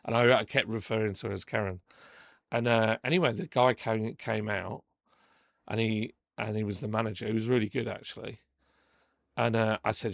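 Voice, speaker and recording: A man hosting a podcast, retelling a story with animated indignation and acting out the quotes. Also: on the low side, normal speed, creaky, no room sound, studio quality. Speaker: podcast host. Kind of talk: casual storytelling.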